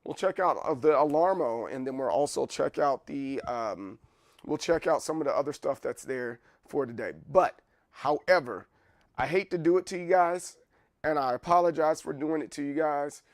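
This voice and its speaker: A man's voice: a little high, moderate pace, no room sound, studio quality. Rambling, playful man hosting a stream. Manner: rambling, playful, apologetic, many restarts. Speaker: livestream host. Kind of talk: casual livestream chat.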